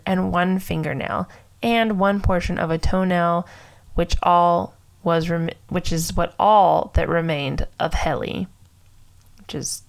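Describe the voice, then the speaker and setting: A woman's voice: fairly low pitch, poor audio. A young woman co-hosting a casual true crime podcast, getting tongue-tied, apologizing and giggling as she reads out details. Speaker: podcast co-host.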